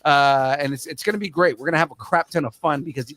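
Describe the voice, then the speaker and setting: A man hosting a podcast, excitable and rambling, laughing as he chats and reads sponsor spots. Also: fairly high pitch, quick pace, dry recording. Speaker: podcast host.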